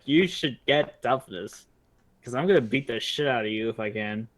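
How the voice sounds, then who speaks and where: A man's voice: medium pitch, normal speed, poor audio. A man running a tabletop game as its game master, chatting casually, swearing freely and laughing often.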